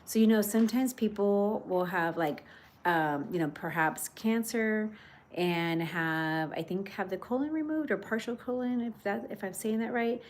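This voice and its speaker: A woman's voice: medium pitch, normal speed. A middle-aged woman chatting casually on a livestream, rambling with many fillers and restarts as she reads out viewer comments. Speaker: livestream host.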